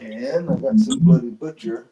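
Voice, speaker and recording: A man's voice: medium pitch, normal speed, mellow, muffled recording, a little hiss or hum. A man hosting a casual live-stream chat, rambling and correcting himself as he goes. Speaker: host.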